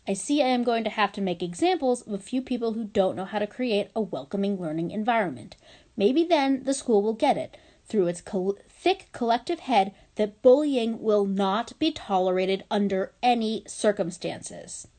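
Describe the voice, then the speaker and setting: A woman reading aloud, voicing a stern middle-aged female school principal who scolds in slow, clipped, emphatic phrases. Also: medium pitch, expressive, warm tone, close to an everyday voice.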